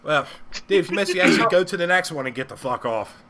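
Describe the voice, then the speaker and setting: A man co-hosting a casual live-stream talk show, swearing freely and laughing loudly. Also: a little high, expressive, quick pace. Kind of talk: casual profane banter. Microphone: live-stream microphone.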